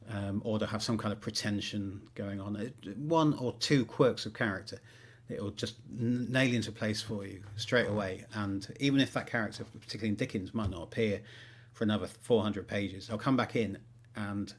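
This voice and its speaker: Brief: male author, low husky voice, rambling and self-deprecating. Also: moderate pace. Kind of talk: livestream chat and reading aloud.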